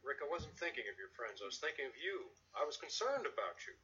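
A man's voice: a little high, big pitch swings, fast talker, pushed and bright, lo-fi sound. An actor playing a stern, worried middle-aged sitcom father who scolds his son firmly. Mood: earnest. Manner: firm, scolding.

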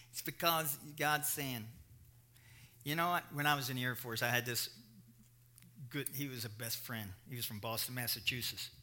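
Bright-voiced preacher. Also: male voice, medium pitch, a little slow, pauses often. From Kentucky. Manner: animated preaching with storytelling asides. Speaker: pastor. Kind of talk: sermon.

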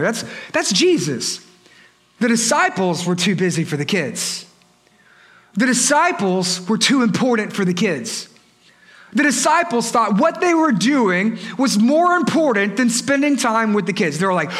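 A male pastor preaches with playful emphasis and keeps repeating his points. His voice sits fairly high with a bright, forceful edge. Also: very animated, moderate pace. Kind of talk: sermon.

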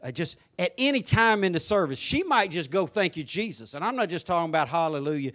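A man preaches a sermon in church, and his voice sits high for a man. The tone is bright and forceful. He drops to quiet, conversational asides, then climbs into loud, excited praise. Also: fast talker. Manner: preaching, swinging from soft asides to shouted praise. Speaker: pastor. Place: church sanctuary.

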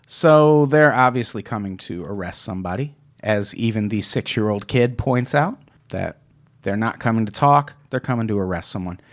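A man's voice: fairly low pitch, lively intonation, normal speed. Sarcastic male podcast co-host. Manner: opinionated, sarcastic. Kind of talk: casual chat.

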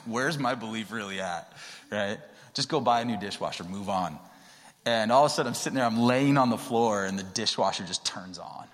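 A young adult man, a pastor, giving a sermon in a relaxed storytelling way that grows more animated at times. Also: lowish voice. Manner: conversational storytelling, rising to excited emphasis. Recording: long reverb of a large hall.

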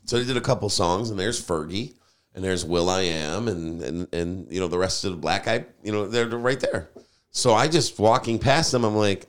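A man, a podcast host and DJ, telling a story in casual chat, animated and swearing freely. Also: low-pitched, normal speed.

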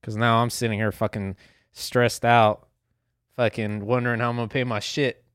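A man's voice: medium pitch, little pitch movement, normal speed, a bit bright, smooth, no echo, studio quality. Profane, rambling young man on a podcast. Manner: profane, rambling, laughs at himself. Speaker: podcast host. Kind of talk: solo casual podcast rant.

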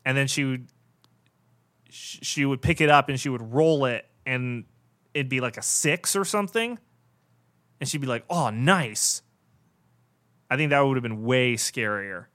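A man on a comedy podcast, riffing deadpan with many fillers and restarts. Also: medium pitch, moderate pace, pauses often. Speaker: podcast co-host.

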